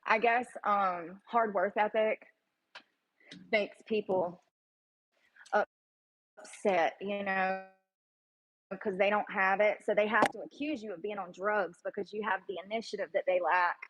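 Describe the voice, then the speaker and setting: A woman's voice: medium pitch, fairly even intonation, unhurried, pauses often, a bit bright, dry recording, rough recording. A woman talking to her camera in a gym, blunt and profane, explaining her workout in a casual chatty way. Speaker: vlogger. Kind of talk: casual gym vlog talk. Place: public gym.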